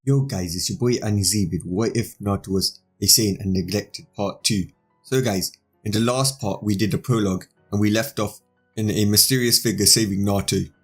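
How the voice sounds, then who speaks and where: A man's voice: on the low side, a little fast, soft background music. A man reading a fan story aloud in an unpolished way, with small slips, as host of his channel.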